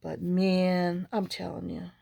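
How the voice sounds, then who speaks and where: A woman's voice: on the low side, completely flat delivery, slow, vocal fry, mellow, husky, no echo. A woman vlogger chatting casually while making a journal, rambling through stories and muttering to herself as she works. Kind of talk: casual chat while crafting.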